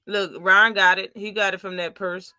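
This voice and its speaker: A woman's voice: mid-range voice, flat delivery, normal speed, bright, forceful tone, no room sound, studio quality. A woman hosting a casual post-fight livestream, talking animatedly and profanely and mocking people with impressions. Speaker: boxing live-stream host.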